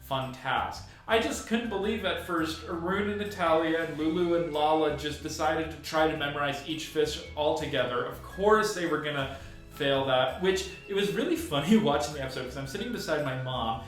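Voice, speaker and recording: A man's voice: on the high side, normal speed, fairly bright tone. A young man hosts a casual recap video in a chatty way, laughing often as he talks. His voice sits in the middle range. The room around him is very echoey, and faint music plays underneath.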